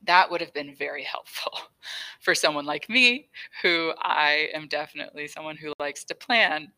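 A woman's voice: low voice, normal speed, bright, forceful tone, low-quality recording. A young woman hosting her own podcast, chatting casually and laughing often as she tells a story. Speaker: podcast host. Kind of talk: casual solo podcast talk.

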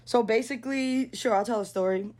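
A woman's voice: a little high, brisk, darkish tone. A young woman telling a story bluntly and casually, swearing freely and filling her talk with "like". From New York. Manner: blunt and profane, lots of "like". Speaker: guest.

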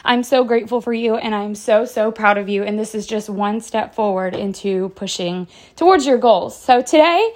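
A woman's voice: medium pitch, normal speed, hardly any pauses, darkish tone. A young adult woman hosting a motivational podcast, speaking in an upbeat, encouraging and chatty way with many fillers. She is slightly out of breath. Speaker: podcast host.

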